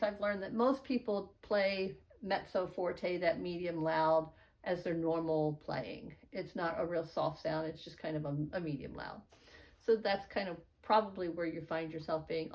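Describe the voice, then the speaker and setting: A middle-aged woman gives a beginner piano lesson in a slightly low voice. She explains each symbol patiently and encouragingly, and counts the beats aloud in a sing-song way. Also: creaky, darkish tone. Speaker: piano teacher.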